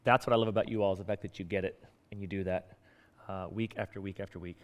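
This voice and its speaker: A man's voice: low voice, fairly even intonation, quick pace. A male pastor preaching a sermon in a conversational way, acting out bits of dialogue. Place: church sanctuary. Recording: long hall reverb.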